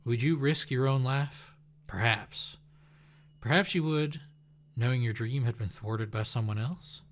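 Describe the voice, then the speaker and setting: A man's voice: medium pitch, measured pace, lightly acted. A man voicing a preachy male military general with a put-on Southern US accent, reading game dialogue aloud. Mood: solemn. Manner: solemn, sermon-like speechifying.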